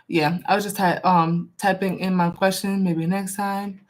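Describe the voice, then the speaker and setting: A woman's voice: medium pitch, little pitch movement, a little slow, few pauses. A woman doing a casual live-stream tarot reading, chatty with many fillers, reading viewer comments aloud. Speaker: tarot reader.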